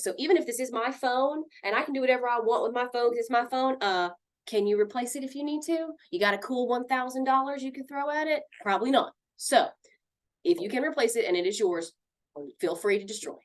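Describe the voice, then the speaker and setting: A woman's voice: on the high side, brisk. A woman teaching a mindfulness lesson on handling anger, talking casually and acting out what friends might say. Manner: lively, conversational, acts out quoted friends.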